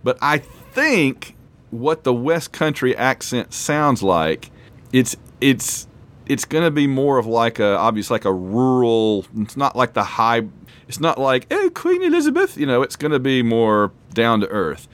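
A man's voice: mid-range voice, unhurried, fairly bright tone. A man hosting a casual trivia quiz, rambling and self-deprecating as he reads questions and reacts. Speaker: quiz host.

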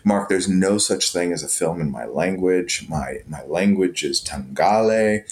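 Brief: man relaying a proud, firm, polite guard, very low voice, lightly sketched. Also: measured pace, a little hiss or hum. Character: proud adult male Nigerian security guard.

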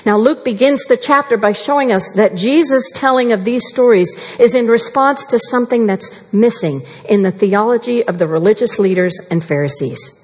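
A woman preaching a sermon in an earnest, measured way, slowing down to stress key phrases. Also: a little high, darkish tone. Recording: long reverb of a large hall.

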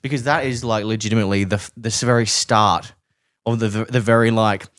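A man co-hosting a podcast, quick to joke and laugh. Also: on the low side, fairly even intonation, fairly bright tone, dry recording. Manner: quick, joking, laughs often. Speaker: podcast co-host. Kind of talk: casual chat.

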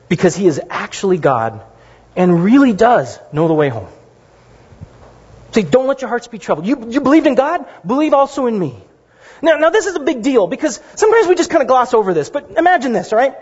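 Middle-aged male pastor, high husky voice, conversational sermon delivery; reverberant hall. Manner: conversational, animated storytelling with asides. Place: church sanctuary. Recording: dull lo-fi sound in a reverberant hall.

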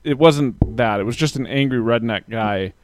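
A man's voice: medium pitch, moderate pace, slight background noise. A man co-hosting a podcast in casual chat, rambling with lots of "like" and laughing often. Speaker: podcast co-host.

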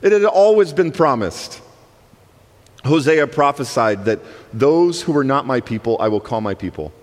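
A man preaching a sermon as guest speaker, emphatic, swinging between soaring lines and hushed ones. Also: medium pitch, expressive, moderate pace. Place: church sanctuary. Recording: long reverb of a church hall.

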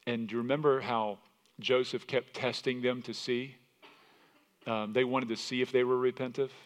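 Male pastor, sermon, animated storytelling, mid-pitched voice, repeats words. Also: normal speed.

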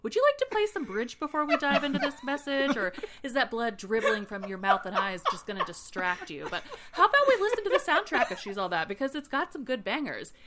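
A woman's voice: a little high, very animated, a little fast, hardly any pauses, background noise, voice pushed up. Sarcastic, impatient man, fake-polite then snapping, as a woman mimics him in a recap. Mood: mock-polite.

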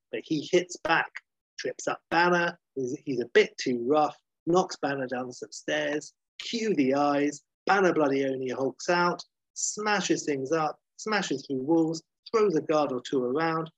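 A man retelling a story at length in a casual, lively way, swearing now and then and acting out the characters' lines. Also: a little high, slightly rough, no room sound. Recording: dull muffled lo-fi sound.

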